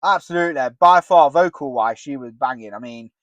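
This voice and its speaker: A man's voice: medium pitch, lively intonation, fairly quick, a bit bright, no echo, dull audio. A man in his thirties, co-hosting a casual podcast chat, jokey and laughing often, talking into a headset. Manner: jokey, laughs often, sings snatches of songs. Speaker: podcast co-host. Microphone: headset with earpiece.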